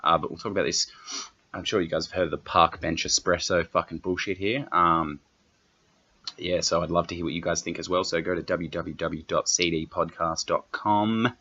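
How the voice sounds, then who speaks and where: A man's voice: low voice, fairly even intonation, normal speed, bright, forceful tone, muffled recording. A young Australian man hosting a solo comedy podcast, rambling and swearing constantly in a brash, offhand way. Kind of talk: profane solo podcast rant.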